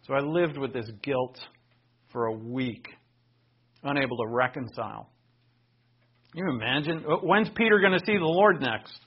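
A man's voice: medium pitch, animated, normal speed, long pauses, breathy edge, muffled recording. A man preaching a sermon, retelling scripture in an earnest, conversational way with personal asides.

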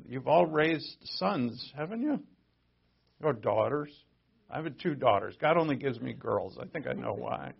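A middle-aged man preaching a sermon as a pastor, conversational and joking, swinging between loud emphasis and quiet asides. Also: fairly high pitch, vocal fry, slightly rough, dull audio.

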